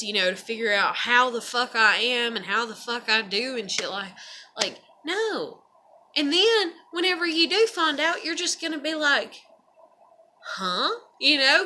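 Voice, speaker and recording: A woman's voice: fairly high pitch, bright, forceful tone, a little hiss or hum. A woman vlogger talking in a profane, meandering monologue with frequent laughs and sighs. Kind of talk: casual rambling monologue.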